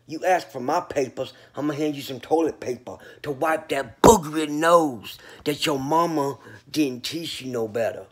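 A man's voice: on the high side, moderate pace. A man from North Carolina talking casually to camera as a vlogger, boastful and rambling in street slang, a little sleepy.

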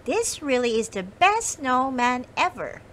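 A woman voicing Sam, a small, eager boy mouse in a storybook read-aloud, with high, squeaky cries. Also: sing-song, a little slow, fairly bright tone, a little hiss or hum, exaggerated voice. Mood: excited.

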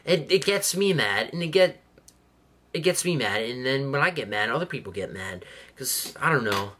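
A man's voice: medium pitch, lively intonation, moderate pace, sharp tone, a little hiss or hum. A man hosting a reaction video, talking casually in a sarcastic, mocking way and swearing freely.

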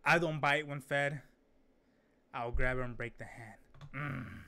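A young man hosting a casual reaction video, excitable and rambling, trailing off and restarting his thoughts. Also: medium pitch, takes it slowly, a little hiss or hum.

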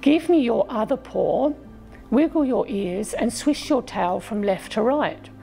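A woman's voice: a little high, lively intonation, a little slow, gravelly, dark tone, soft background music, rough recording. A woman voicing an anxious, caring male companion in a storybook reading.

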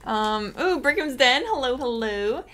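A woman's voice: sits high, animated, measured pace, fairly bright tone. A woman hosting a livestream, chatting casually and bubbly while building a toy set. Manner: bubbly, easily amused. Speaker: livestream host.

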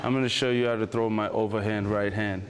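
A man's voice: fairly low pitch, steady tone, fast, very noisy. A man, a professional boxer, casually explaining how he throws his punch in an easygoing way. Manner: easygoing, plain, says "basically" often. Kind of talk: casual demonstration.

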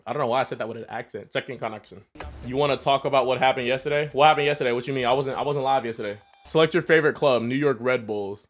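A young man from the Atlanta area, streaming and commentating his own sports video games, swearing and yelling at plays. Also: mid-range voice, quick pace. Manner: excitable, swears a lot, yells at plays. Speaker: gaming streamer. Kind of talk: casual gaming commentary.

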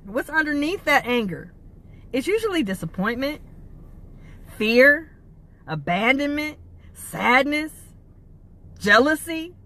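A woman speaks as a life coach in a motivational talk, driving her points home with rhetorical questions. Her voice sits high and sounds bright and forceful. Her pitch leaps up and down as she stresses words. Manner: emphatic, asks rhetorical questions, lively pitch swings.

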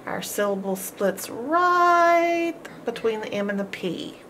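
A woman's voice: medium pitch, fairly bright tone, a little hiss or hum. A woman teaching a homeschool phonics lesson, patiently sounding out each letter and syllable.

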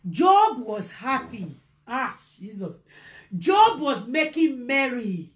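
A woman preaching a motivational sermon, impassioned, swinging from shouted bursts to hushed low lines. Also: very animated, slow.

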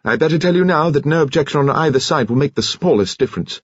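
A man's voice: a little high, lively intonation, fast talker, breathy edge, dry recording, muffled recording, voice pushed up. A man voicing an earnest, impulsive young man in love in an audiobook, talking in an eager, insistent way. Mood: defiant.

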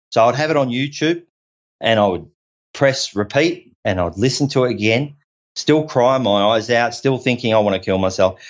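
A man from Australia, a podcast guest telling a personal story in an earnest, rambling way, repeating himself and restarting often. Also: medium pitch. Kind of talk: personal story told in conversation. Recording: dull lo-fi audio.

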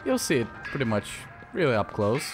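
A man commenting while playing a shooter game, excitable and swearing, often yelling at enemies. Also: mid-range voice, a little fast, over music. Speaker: gaming channel host. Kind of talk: let's play commentary.

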